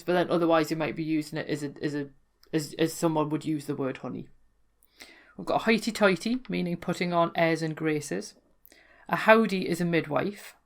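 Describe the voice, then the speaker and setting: A woman with a broad Geordie accent talks through local words in a casual, educational way. Her voice sits a little low for a woman. She is chatty and amused and often corrects herself partway through a sentence. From North East England. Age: adult, worked in London before. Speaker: folklore blogger explaining dialect.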